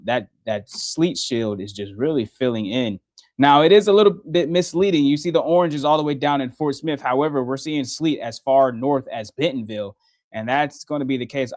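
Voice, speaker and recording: A man's voice: mid-range voice, a little mellow, dry recording. Chatty young weatherman, dry sound. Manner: chatty, laughs often, restarts while working the radar. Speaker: TV meteorologist. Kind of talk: casual live-stream weather update. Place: TV station studio.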